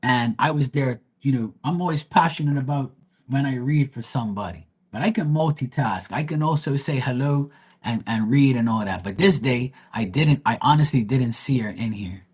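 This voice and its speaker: A man's voice: medium pitch, normal speed, slightly rough. Blunt, heated man ranting on a livestream. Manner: blunt, heated, swearing, animated storytelling. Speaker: live tarot reader.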